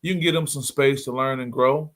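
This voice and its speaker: A middle-aged man hosts a motivational talk at an even, mid-range pitch. He speaks earnestly and comes back to his key points to drive them home. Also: a little fast. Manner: earnest, repeats key points for emphasis, greets viewers by name. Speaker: motivational livestream host.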